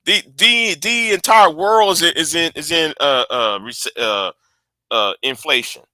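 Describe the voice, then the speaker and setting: Male commentator, halting delivery, very bright tense tone. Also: a little high, no echo. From United States. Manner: halting, many repeats and restarts. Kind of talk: casual political commentary.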